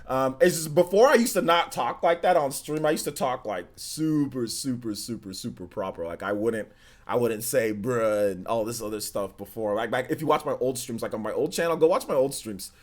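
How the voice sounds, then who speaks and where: A man's voice: medium pitch, fairly quick. Chatty man hosting a live stream. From United States. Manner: chatty, slangy, talks straight to viewers. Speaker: live-stream gaming host. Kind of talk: casual live-stream chat.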